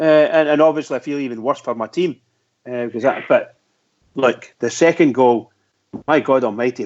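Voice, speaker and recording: A man's voice: a little high, darkish tone. A man breaks down a match in casual talk, exasperated and rambling. The sound is dull and lo-fi, like an online call. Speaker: pundit. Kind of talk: casual football analysis.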